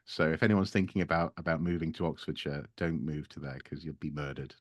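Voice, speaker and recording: A man's voice: very deep voice, fairly even intonation, a little fast, no echo. A man as a guest in a casual chat, joking dryly and often trailing off. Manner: dry joking, trailing off, hesitant restarts. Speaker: guest archaeologist.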